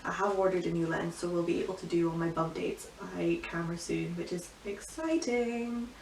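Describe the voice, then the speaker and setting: A woman's voice: fairly low pitch, level tone, a little fast, gravelly, darkish tone. A young woman chatting emotionally in a casual home vlog, with lots of "like" fillers. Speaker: vlogger. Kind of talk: casual pregnancy update vlog. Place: bedroom at home. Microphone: camera from some distance. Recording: roomy, distant, faint hiss.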